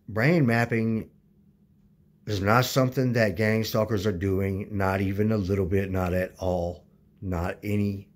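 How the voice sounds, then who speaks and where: A man talking casually to his channel's viewers, rambling with many fillers and restarts, insistent as he corrects their views. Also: fairly low pitch. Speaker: YouTuber. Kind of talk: casual talk to camera.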